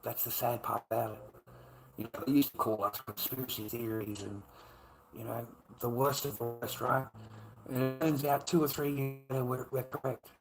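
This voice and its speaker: A man's voice: mid-range voice, steady tone, moderate pace, gravelly, music in the background. A middle-aged man with an Australian accent, talking bluntly on his own livestream, swearing often, repeating himself and calling the viewer mate. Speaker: live streamer. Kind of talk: rambling casual livestream talk.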